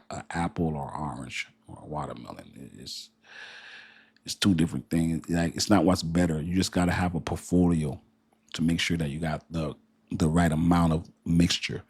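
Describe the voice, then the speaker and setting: Deep-voiced Haitian man, casual stream chat. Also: steady tone, moderate pace, darkish tone, breathy edge, dry recording. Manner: rambling, repeats words, chats with viewers. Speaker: crypto livestream host.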